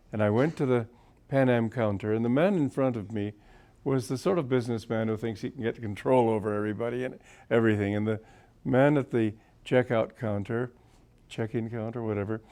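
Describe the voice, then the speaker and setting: An older man in his seventies gives a relaxed spiritual talk, warmly telling stories and chuckling now and then. His throat is sore and slightly rough. His voice sits at an ordinary middle pitch for a man. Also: normal speed. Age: 70s. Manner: genial storyteller, often chuckling. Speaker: spiritual teacher. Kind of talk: informal spiritual talk with anecdotes.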